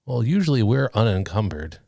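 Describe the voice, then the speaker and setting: A man's voice: fairly low pitch, big pitch swings, a little fast, gravelly, warm tone, no room sound, studio quality. A man co-hosting a casual podcast, laid-back and wry, laughing often. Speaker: podcast co-host. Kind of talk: casual chat.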